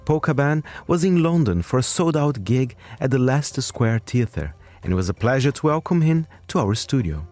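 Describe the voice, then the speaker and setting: A man's voice: medium pitch, big pitch swings, normal speed, few pauses, a little mellow, soft background music. A man hosting a radio interview, friendly and admiring toward his guest. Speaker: radio host. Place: radio studio.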